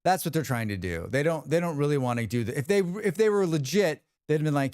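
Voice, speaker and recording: A man talks casually with his stream's viewers, his smooth, resonant voice swinging widely in pitch. He tells stories animatedly, acting out other people's lines and swearing freely. The sound is dry and close. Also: fast, no echo. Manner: animated storyteller who acts out quotes and swears freely. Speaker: livestream host. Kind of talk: casual livestream chat with viewers.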